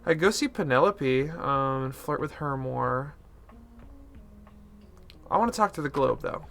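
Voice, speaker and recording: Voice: mid-range voice, expressive, unhurried, creaky. A streamer giving casual, playful commentary while playing a game. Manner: playful, quiet muttering asides.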